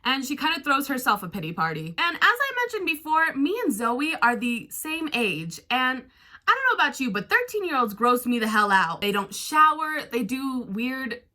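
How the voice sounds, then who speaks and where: A woman's voice: high voice, very animated, normal speed, sharp tone. A woman hosting a commentary vlog, talking in a blunt, sarcastic tone and swearing freely. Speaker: commentary YouTuber.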